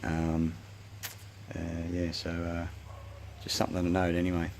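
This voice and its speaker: A man with an Australian accent rants in a long, self-recorded monologue, swearing often and jumping from point to point. His voice sits very low, and a faint hiss runs underneath. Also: monotone, a little slow, a little mellow. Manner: profane, agitated, rambling ranting. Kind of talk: rambling monologue.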